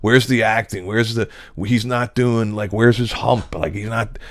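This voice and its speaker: Scoffing male heckler, put on by a man, dismissive and mocking, raised pitch. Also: steady tone, measured pace, no room sound, studio quality. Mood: scornful.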